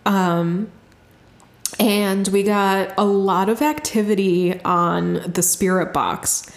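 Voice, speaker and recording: Speaking slowly in a steady, medium-pitched voice with some reverb, a woman co-hosts a podcast. She's telling a story in relaxed chat, giggling, chatting away, and using lots of fillers.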